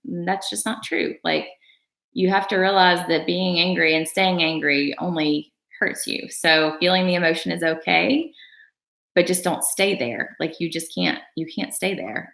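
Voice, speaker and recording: A young woman talking on a home livestream, earnest and rambling, full of fillers and false starts. Her voice sits low with a gravelly fry. The room around her sounds roomy and echoey. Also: fairly even intonation, moderate pace, a bit bright. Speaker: livestream vlogger. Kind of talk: casual livestream chat.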